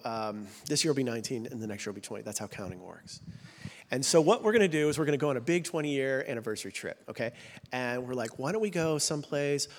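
A man in his forties preaching a sermon in a conversational, self-deprecating, joking way. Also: mid-range voice. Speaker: pastor. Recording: long hall reverb.

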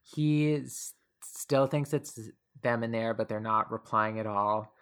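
A man's voice: medium pitch, a little slow, clean tone. Chatty man recapping a film. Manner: chatty, many "like" fillers, laughs easily. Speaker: podcast co-host. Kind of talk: casual film recap chat.

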